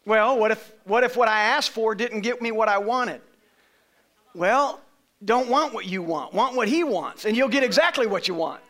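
A man preaching a sermon to a congregation, emphatic and rising to shouts on key phrases, leading call-and-response. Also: high voice, expressive, normal speed. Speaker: pastor. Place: church sanctuary.

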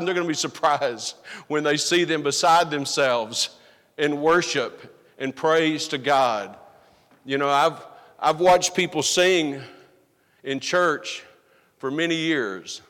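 A man's voice: a little high, fairly bright tone. A man preaching a sermon as a pastor, earnest and emphatic, often asking the congregation rhetorical questions. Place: church sanctuary. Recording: long hall reverb.

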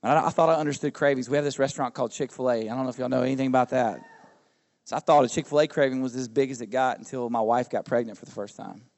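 A middle-aged man, a pastor preaching a sermon in a relaxed, conversational way, often asking the congregation questions. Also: medium pitch, fast talker. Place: church service.

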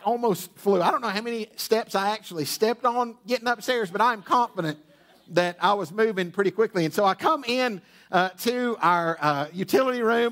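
A man's voice: high-pitched, fairly bright tone. A pastor preaching to his congregation, telling a humorous personal story with lots of restarts and asides, in a church auditorium. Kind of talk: storytelling sermon. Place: church auditorium with sound booth.

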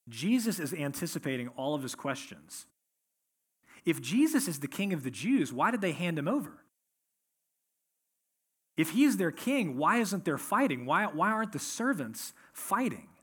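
A man's voice: on the high side, very animated, normal speed, a bit bright, slightly rough. A man preaching an expository sermon, reading scripture aloud and then explaining it verse by verse. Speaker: pastor.

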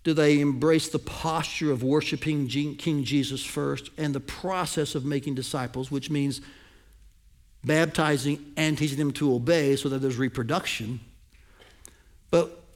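Man, pastor, high voice, gravelly edge, animated sermon delivery, loud peaks and soft drops. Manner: animated preaching, swings from loud emphasis to near-whisper.

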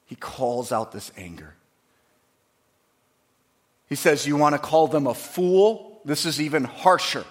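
Guy preaching a sermon, kinda high voice, goes from quiet asides to loud emphatic bits. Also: expressive, unhurried, long pauses. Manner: acts out quoted voices dramatically. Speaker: pastor.

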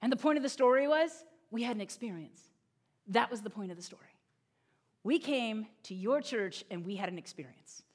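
Lady pastor preaching, funny story, voice jumps around a lot, highish. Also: brisk. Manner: animated, humorous storytelling with voiced quotes. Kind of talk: sermon.

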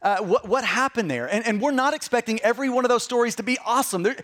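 High-voiced man preaching a sermon. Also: fast. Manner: animated, repeats words when starting sentences. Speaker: pastor.

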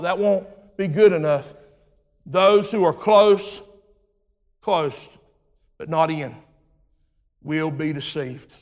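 A male pastor delivers a sermon that swings between rhythmic, shouted lines and low, hushed phrases, with the sound of a big room around him.

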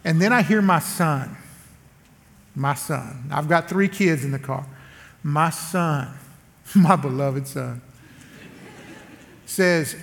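A man's voice: slow pace, gravelly, long pauses. A man preaching as a guest speaker, telling a story animatedly and acting out the quotes. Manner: animated, acts out quotes with big swings in pitch. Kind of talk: storytelling sermon. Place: large church hall. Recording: long church hall reverb.

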